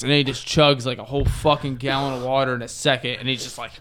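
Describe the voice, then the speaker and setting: A man's voice: mid-range voice, flat delivery, quick pace, pushed and bright. A man hosting a podcast, blunt and joking with lots of swearing in crude casual banter. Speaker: podcast host.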